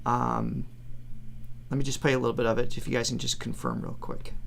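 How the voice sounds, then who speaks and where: A man's voice: mid-range voice, flat delivery, brisk, gravelly, very noisy. A man co-hosting a casual music reaction show as vocal coach, cheerful and often laughing.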